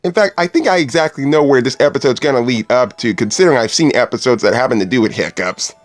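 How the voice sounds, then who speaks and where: A man's voice: mid-range voice, expressive, fast talker, soft background music. Exasperated, foul-mouthed male cartoon reviewer. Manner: crude, exasperated, swears a lot. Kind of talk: profane commentary over clips.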